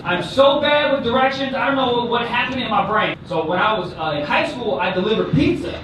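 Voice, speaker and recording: A man telling a self-mocking stand-up story and acting out loud quoted lines. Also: very high voice, brisk, recorded from a distance, background noise. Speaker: stand-up comedian. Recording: echoey live club, loud crowd.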